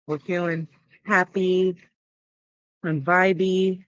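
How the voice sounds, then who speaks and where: A young adult cannabis livestream host rambles to viewers in a loose, laid-back way, chatting casually and at length. His medium-pitched, fairly bright voice barely varies in pitch and moves slowly, recorded close on a dry mic with no room echo and a lo-fi sound.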